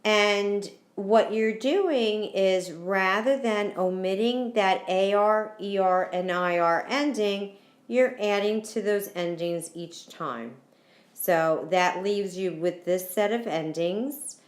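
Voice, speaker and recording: A woman's voice: medium pitch, slow pace, roomy sound. A woman teacher explaining verb endings in a recorded lesson, patient and repetitive, spelling out endings letter by letter. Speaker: Spanish teacher.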